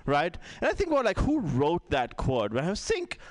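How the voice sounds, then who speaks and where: Brief: male stand-up comic from India, self-mocking and rambling, with a lively, swooping delivery and a fairly high voice. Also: brisk, few pauses, no echo. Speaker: stand-up comedian. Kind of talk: stand-up comedy set.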